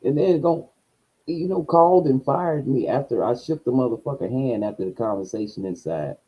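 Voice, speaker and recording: A man telling a profane story in a casual rant, his voice swinging between low mutters and loud outbursts. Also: normal speed, slightly rough, rough recording. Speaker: streamer.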